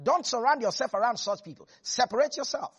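A preacher delivering a lively sermon that swings between hushed asides and shouts. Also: mid-range voice, fairly quick, breathy edge.

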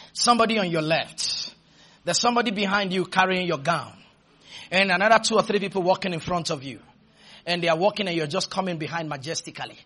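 A man preaching a sermon. He shouts the key phrases, drops into quick asides, and leads the congregation in call-and-response. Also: high voice, a little hiss or hum. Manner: leads the congregation to repeat after him.

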